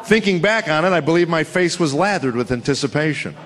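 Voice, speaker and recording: A man in his fifties performing a stand-up comedy routine, telling stories with deadpan punchlines on stage before a laughing audience. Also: a little high, brisk, crowd noise, noisy background. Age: 50s.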